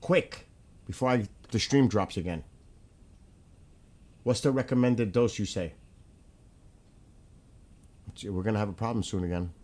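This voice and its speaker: Rushed man hosting a livestream. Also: fairly low pitch, darkish tone. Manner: rushed, talks to chat directly. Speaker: livestream host. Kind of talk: casual livestream chat.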